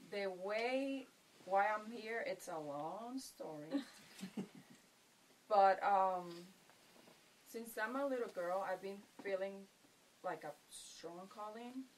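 In a mid-range voice with a Puerto Rican accent, a middle-aged woman on retreat gives her testimony to the sharing circle. She narrates vividly, voicing the things she said and laughing a lot. The recording comes from a distant mic with faint noise in the background.

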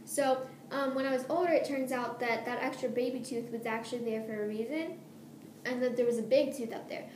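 Scatterbrained, giggly teenage girl vlogging from a room at home, somewhat high voice, roomy echo. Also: fairly even intonation, fairly quick, a little mellow. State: nervous. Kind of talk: casual rambling vlog. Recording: echoey room, faint hiss.

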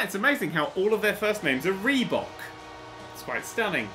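A man commentating on a video game he is playing, excitable and sweary with jokey exclamations. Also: high-pitched, fast. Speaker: gaming YouTuber. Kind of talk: let's-play commentary. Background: faint game music.

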